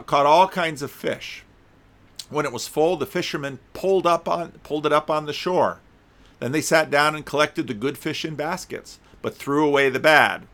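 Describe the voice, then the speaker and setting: A man's voice: on the high side, vocal fry, a bit bright. A man giving a conversational sermon, reading scripture aloud and breaking off for wry, casual asides, with occasional stumbles and restarts. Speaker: preacher.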